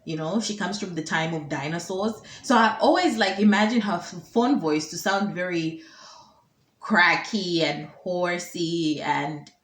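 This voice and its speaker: A woman's voice: on the low side, unhurried, fairly bright tone. A woman chatting in casual commentary, amused and laughing often. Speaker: vlogger. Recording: roomy echo.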